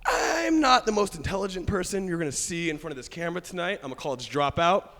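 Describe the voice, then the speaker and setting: A man's voice: high voice, expressive, fast talker, very noisy. A young man performing a stand-up comedy set, brash and crude, laughing at his own jokes. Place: studio stage with live audience. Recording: live audience with long hall reverb.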